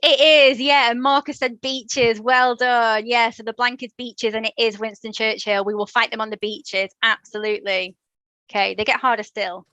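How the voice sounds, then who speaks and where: Woman teacher running an online class, bright crisp voice, kinda high, encouraging, dry sound. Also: little pitch movement, normal speed, no echo, rough recording. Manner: encouraging, quizzes students and praises answers. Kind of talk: live online lesson.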